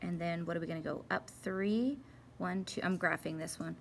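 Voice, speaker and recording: A woman's voice: lowish voice, steady tone, moderate pace, creaky, slight background noise. A young woman giving a casual, chatty math lesson, talking to herself playfully as she works through graphing problems. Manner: chatty, playful, talks to herself while working. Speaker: math teacher.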